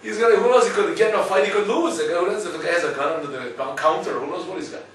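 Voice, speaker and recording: A man giving a lively Torah class, telling stories and checking with listeners as he goes. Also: high voice, very fast, heavy reverb, recorded from a distance, a little hiss or hum, low-quality recording. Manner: storytelling, lively, asks listeners "right?". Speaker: rabbi teaching a class.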